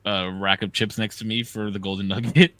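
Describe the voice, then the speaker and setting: Bright-voiced man telling profane stories. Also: fairly low pitch, normal speed, dry recording. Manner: animated, profane storytelling. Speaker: podcast co-host. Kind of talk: casual chat, storytelling.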